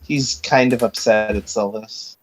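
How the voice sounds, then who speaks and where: A man's voice: on the low side, steady tone, slight background noise, low-quality recording. A man playing a tabletop game, describing his character's actions in a descriptive way. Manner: slow, descriptive. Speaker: player.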